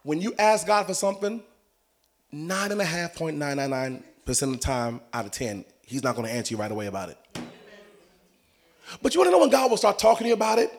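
A man preaching a sermon in a church, animated and humorous, often acting out voices. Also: on the high side, fast, slight background noise. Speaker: pastor. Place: church sanctuary.

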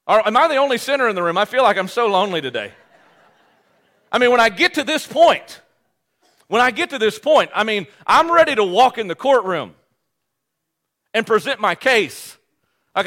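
A male pastor preaching a sermon, animated and joking at his own expense, often restarting his phrases. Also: very high-pitched. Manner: animated, joking, self-deprecating, with quick restarts.

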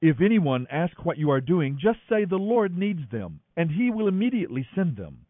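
A man reading aloud, voicing a calm teacher who speaks in a measured, earnest way. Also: on the high side, no room sound. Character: calm adult male teacher, patient and firm. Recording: dry, thin phone-like audio.

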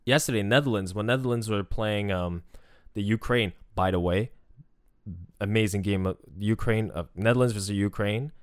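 A man's voice: fairly low pitch, moderate pace, dry recording, studio quality. A young man talking casually and emotionally about football, rambling with many restarts. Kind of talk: casual spoken commentary.

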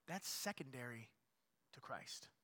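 A man preaching a sermon as pastor, repeating his points, rising to loud emphatic peaks and dropping to quiet asides. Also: mid-range voice, animated, a little slow. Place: church.

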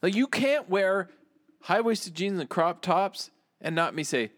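A man's voice: high-pitched, lively intonation, a little slow, fairly bright tone, no echo, clean studio sound. A man co-hosting a podcast, talking in a casual, rambling way. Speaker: podcast co-host.

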